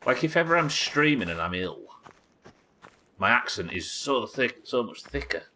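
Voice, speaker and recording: A man's voice: mid-range voice, sing-song, normal speed, pushed and bright, slight background noise. A man from England with a Yorkshire accent, chatting casually while streaming a game, rambling, thinking aloud and swearing freely. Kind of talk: casual live-stream chat while gaming.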